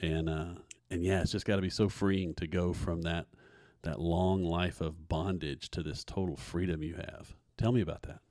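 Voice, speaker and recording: A man's voice: sits low, fairly even intonation, normal speed, darkish tone, no echo, clean studio sound. A man hosting a faith podcast, talking earnestly and preachily, often repeating his words as he builds a point. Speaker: podcast host. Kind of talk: casual faith podcast talk.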